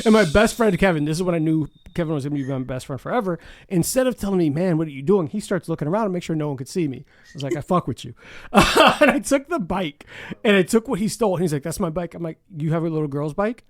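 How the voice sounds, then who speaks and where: Man, podcast host, casual chat, quick delivery, slightly high voice, swears, laughs often. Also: lively intonation, no echo, clean studio sound.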